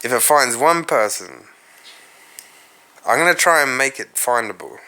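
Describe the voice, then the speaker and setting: An Australian man talks unhurried in a rambling solo monologue, musing aloud and dropping casual swearwords. His voice sits in a middle register with a bright, slightly tense edge. He speaks straight to the viewer as though chatting one on one. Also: medium pitch, animated. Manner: musing, profane, addresses viewers directly. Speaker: podcast host.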